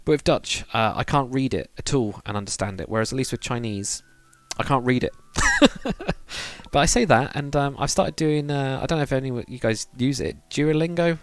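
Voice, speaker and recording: A man's voice: medium pitch, expressive, normal speed, no room sound. A young man, chatting casually on a live stream while building in a game, rambling and reading viewer comments aloud.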